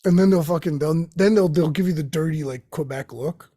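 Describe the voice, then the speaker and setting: A man's voice: a little high, brisk, dark tone. A young man hosting his own show, riffing profanely in a rambling comedic monologue that jumps between tangents. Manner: profane, tangent-jumping, acts out quoted voices. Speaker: host.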